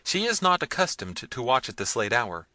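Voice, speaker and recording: A man voicing a gentle, soothing princess. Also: medium pitch, sing-song, moderate pace, dry recording, pitched above the performer's own voice. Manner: soothing, pleading delivery. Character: gentle devoted middle-aged princess and wife.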